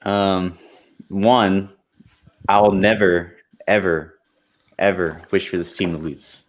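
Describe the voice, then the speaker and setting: A man's voice: low-pitched, flat delivery, slow pace. A man on a podcast panel talking earnestly and at length, laughing easily as he rambles. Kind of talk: casual podcast chat.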